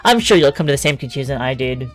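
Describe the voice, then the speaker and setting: An entitled male customer blusters and complains, voiced by a woman reading a game aloud. He sounds aggrieved and self-important, barely shifted from the reader's own voice. Soft music sits far behind. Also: a bass voice, lively intonation, fast, voice pushed down. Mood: indignant. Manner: indignant, blustering. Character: indignant man, an entitled restaurant customer.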